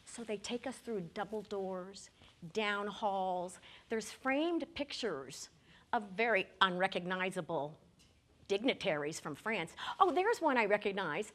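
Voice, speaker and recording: A woman performing a solo comic story on stage in a small theater, acting out the dialogue in an animated way. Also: mid-range voice, slow pace.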